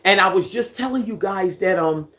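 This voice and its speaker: A livestream host who has lived on a Caribbean island for ten years, chatting casually with viewers at home and reading out their comments in an unhurried way. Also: mid-range voice. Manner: relaxed, unhurried, greets and reads out viewer comments. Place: at home, indoors, near a fan.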